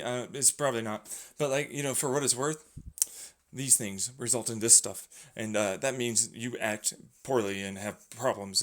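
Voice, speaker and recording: A young man rambling in a sarcastic, profane vlog monologue, jumping in and out of mock voices as he argues with himself. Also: medium pitch. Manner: jumps between mock voices, sarcastic, swears a lot. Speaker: vlogger. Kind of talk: rambling monologue acting out arguments.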